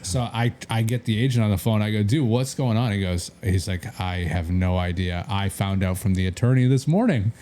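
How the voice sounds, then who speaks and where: Low warm guy rambling through a real estate story on a podcast, lots of um and like. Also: a little fast, hardly any pauses. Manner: rambling anecdotes acting out quoted dialogue, many fillers.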